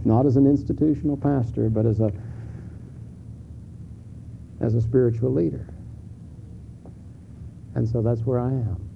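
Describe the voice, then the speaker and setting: Middle-aged male pastor, sermon, gravelly, candid and conversational, phone-quality sound. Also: mid-range voice. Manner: conversational and candid, with repeated restarts and rising emphatic peaks. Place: church sanctuary. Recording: phone-like lo-fi sermon recording with faint hiss.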